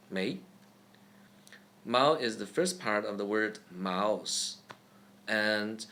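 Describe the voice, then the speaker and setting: A language teacher with a fairly low, slightly bright voice gives a pronunciation lesson step by step. He is slow and careful, demonstrating each sound over and over.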